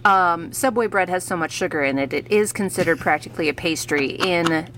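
A woman's voice: lowish voice, brisk, a bit bright, a little hiss or hum. A woman co-hosting a morning radio show, wry and teasing in casual banter.

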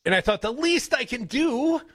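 A man with a Wisconsin accent hosting a radio show, telling rambling stories in a casual, animated way. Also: very high-pitched, normal speed, dry recording. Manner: chatty, rambling storyteller, animated. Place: radio studio. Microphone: studio broadcast mic.

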